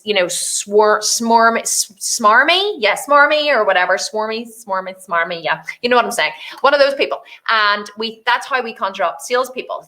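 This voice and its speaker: Woman, casual solo podcast, business coach, animated, high-pitched. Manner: animated, swears freely, acts out quoted voices.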